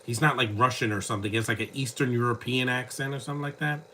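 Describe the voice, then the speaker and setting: A man's voice: medium pitch, very fast, bright, forceful tone, slight background noise. A man giving casual live commentary over a film, with rambling, joking asides. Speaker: movie commentator.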